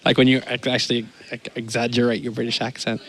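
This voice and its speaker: A man casting an esports match at a fast clip. He keeps drifting into playful, rambling stories and jokes with his co-casters. His pitch is mid-range. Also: flat delivery, fairly bright tone. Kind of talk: casual casting banter.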